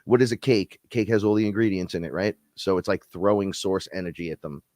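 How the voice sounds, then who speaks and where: A man with a stuffy nose co-hosting a spiritual live stream, talking in an animated, profane, rambling way and laughing often. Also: sits low, brisk, dry recording, studio quality.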